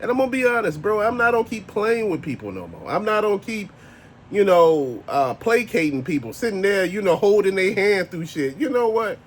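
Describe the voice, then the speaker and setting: Blunt, exasperated man ranting high and lively. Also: fairly quick, a little hiss or hum. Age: adult, married. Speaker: toy collector vlogger. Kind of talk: casual ranting monologue.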